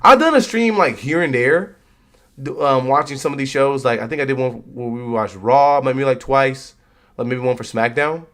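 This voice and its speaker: A young man talks straight to his chat in a relaxed, slangy way, riffing loosely like a streamer hanging out with viewers. His voice sits at an ordinary middle pitch for a man, and he keeps it casual and conversational. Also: normal speed. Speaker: streamer reacting to wrestling.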